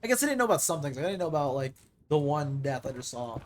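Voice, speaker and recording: A streamer talking loosely over a game at a middling pitch, rambling through thoughts with plenty of fillers and casual swearing. A faint hiss sits under the voice. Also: sing-song, fast talker. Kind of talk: casual chat over live gameplay.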